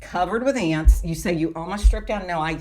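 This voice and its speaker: A middle-aged woman on a political round table, telling a story in a casual, animated way and acting out what people said. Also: lowish voice, brisk, faint music behind. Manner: animated storyteller who acts out quotes.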